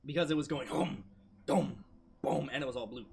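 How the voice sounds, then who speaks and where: A man casually chatting and commentating while playing a video game, loud and playful, bursting into shouts. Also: fairly high pitch, moderate pace, vocal fry, slight background noise. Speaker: gameplay commentator. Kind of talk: casual gaming chat.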